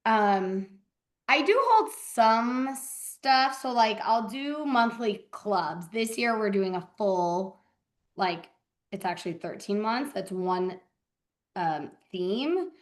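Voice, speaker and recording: A woman's voice: mid-range voice, animated, takes it slowly. A woman telling stories in a casual chat, acting out quoted people and saying "like" a lot, as an indie yarn dyer. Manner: chatty storyteller, acts out quoted voices, lots of "like".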